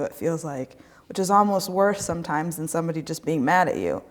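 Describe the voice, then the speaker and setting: Chatty woman, animated and informal. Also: fairly low pitch, fairly quick. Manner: animated and chatty, with many "like" and "you know". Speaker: church member in conversation. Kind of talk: casual midweek conversation.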